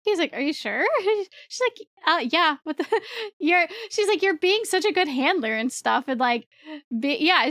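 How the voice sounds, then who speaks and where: Excitable high-voiced young woman streamer. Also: a little slow, no room sound, clean studio sound. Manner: rambling, excitable, laughs often, swears casually. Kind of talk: casual storytelling to stream chat.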